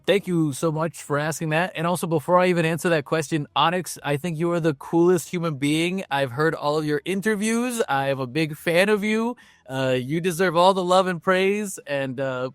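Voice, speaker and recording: A man's voice: fairly high pitch, moderate pace, fairly bright tone, no room sound, studio quality. Upbeat Puerto Rican-born male voice actor. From Puerto Rico. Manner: friendly, laughs easily, upbeat. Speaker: voice actor guest. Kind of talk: casual interview chat.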